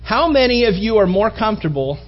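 A man preaching a sermon in an animated, mocking way, building to emphatic appeals. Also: high-pitched, a little fast, muffled recording. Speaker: pastor.

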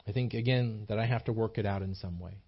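A pastor with a fast, slightly rough, lowish voice preaches in a small church, heard through dull audio. Earnest and emphatic, he repeats himself and often restarts as he builds his points.

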